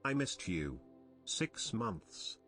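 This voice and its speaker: A synthetic male voice reading viewer messages aloud in an even, mechanical way. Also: lowish voice, drawn-out words, soft background music. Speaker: text-to-speech alert voice.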